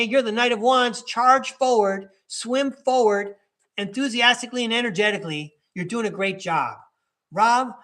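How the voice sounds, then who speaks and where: Upbeat high-voiced man reading tarot. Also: bright, forceful tone. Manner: upbeat and encouraging, addresses the listener directly. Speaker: tarot reader and podcast host. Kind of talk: live tarot reading, casual chat.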